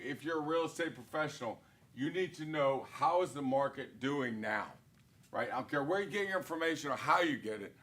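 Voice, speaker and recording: Brief: male sales trainer, mid-pitched voice, punchy and emphatic, keeps asking the room questions. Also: a bit bright. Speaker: brokerage leader training real estate agents. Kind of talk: live sales training talk. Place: corporate studio.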